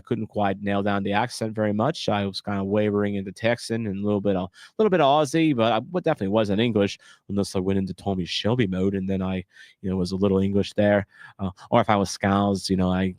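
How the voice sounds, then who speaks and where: A man's voice: on the low side, no echo. A man hosting his fan channel, talking frankly and profanely in casual reaction chat, rambling and restarting his sentences. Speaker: channel host.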